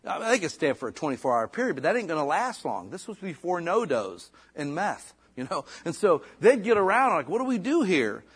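A middle-aged male pastor preaches in a chatty, folksy style, full of asides. His fairly high voice swings widely in pitch and has a husky edge. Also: very animated, a little fast, hardly any pauses. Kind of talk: sermon.

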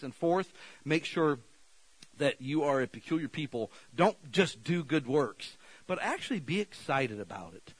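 A male pastor preaching to a church congregation in a folksy, down-to-earth way. His voice swings widely in pitch, climbing high and loud when he urges people on and dropping low and soft when he prays. The talk stays conversational, with plain, casual phrasing. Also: dry recording, rough recording. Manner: animated, rising to shouted exhortations, then quiet prayer. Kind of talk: sermon. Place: church sanctuary.

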